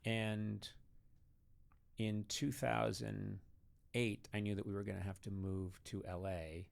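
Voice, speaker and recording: Gravelly man telling stories. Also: on the low side, level tone, takes it slowly. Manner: storytelling, acts out voices of family and others. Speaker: guest. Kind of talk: casual interview chat.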